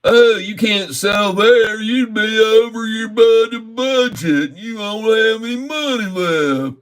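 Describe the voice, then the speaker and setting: Snide high-pitched trading software voice, mock-sweet, as a man puts it on. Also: lively intonation, takes it slowly, clean tone. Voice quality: falsetto, sneering.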